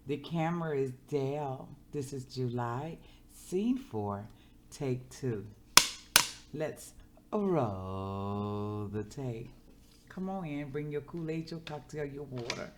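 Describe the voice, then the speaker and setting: Woman vlogger, unhurried heartfelt chat, faint hiss behind. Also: low voice, dark tone. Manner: heartfelt, preacherly when praying. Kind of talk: casual eating vlog chat.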